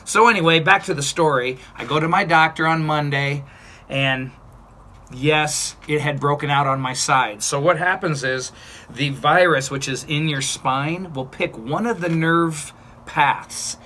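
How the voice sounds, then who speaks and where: Bright-voiced chatty man in his fifties. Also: on the high side, measured pace, a little hiss or hum. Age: 50s. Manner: chatty and blunt, with playful asides. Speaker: vlogger. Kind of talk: casual personal story to camera.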